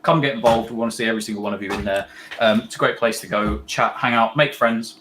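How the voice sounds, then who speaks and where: A man's voice: lowish voice, a bit bright, slight background noise. A young man co-hosting a live football watch-along, chatting casually with lots of fillers and restarts. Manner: rambling, filler-heavy, halting. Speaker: co-host of a fan watch-along.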